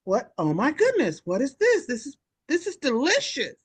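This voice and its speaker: A woman voicing a stubborn, pleading elderly woman in a care home, with a high, exclamatory manner. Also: huge pitch swings, moderate pace. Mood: amazed.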